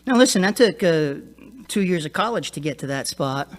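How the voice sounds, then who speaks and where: Man, pastor, sermon, high voice, casual and chatty, middle-aged. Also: animated, brisk. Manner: conversational, laughs often, frequent "right?" tag.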